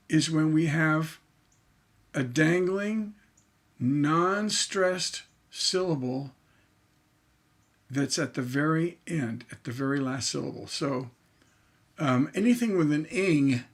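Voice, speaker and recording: A man's voice: fairly high pitch, takes it slowly, pauses often, husky. A man teaching songwriting in a livestreamed lecture, explaining syllable stress by tapping out rhythms aloud.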